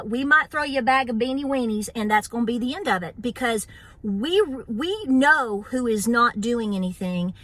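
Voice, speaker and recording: A woman's voice: a little high, a bit bright. A middle-aged woman, hosting a homestead vlog and ranting bluntly with a sassy edge, laughing often. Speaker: homestead channel host. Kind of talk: opinionated casual vlog rant.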